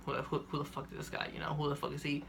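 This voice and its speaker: A young man quoting his angry, cursing mother in a quieter voice than his storytelling. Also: low voice, level tone, very fast, gravelly, slight background noise. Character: angry middle-aged mother, scolding and cursing.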